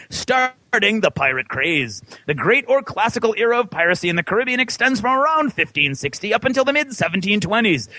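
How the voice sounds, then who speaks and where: A man hosting a gaming podcast quiz in a theatrical, booming voice that rides high and swings widely. His tone is bright and ringing, and the recording is close and dry. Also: no room sound, low-quality recording. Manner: theatrical, booming mock-scolding announcements. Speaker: podcast host running a trivia quiz. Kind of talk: quiz host with dramatic read-out trivia.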